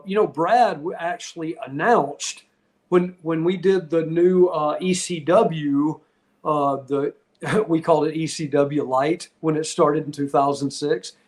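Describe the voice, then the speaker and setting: A middle-aged man, a podcast guest telling stories in a candid, rambling, heartfelt way with frequent restarts. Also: a little high. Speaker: podcast guest, retired wrestler. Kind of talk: casual interview storytelling.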